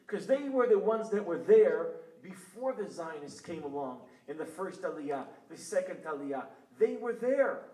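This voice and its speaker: Israeli guy giving a lecture, kinda high voice, roomy hall, mic a bit far off, gets loud acting out quotes. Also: measured pace, few pauses. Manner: animated storytelling, acts out quotes loudly. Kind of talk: public lecture. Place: synagogue hall.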